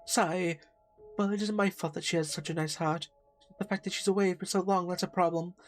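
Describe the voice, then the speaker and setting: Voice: mid-range voice, fairly even intonation, brisk, faint music behind, close to an everyday voice. A streamer reading a lonely, jealous partner's lines with bitter sarcasm while playing a narrative game. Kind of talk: voicing a game character.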